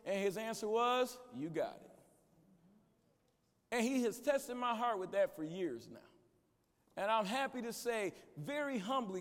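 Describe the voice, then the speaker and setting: High-voiced man preaching with shouts. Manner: preaching with call-and-response to the congregation; shouts at peaks, drops low and quiet elsewhere. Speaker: guest preacher. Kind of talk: conference sermon. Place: large church sanctuary. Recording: echoey church hall.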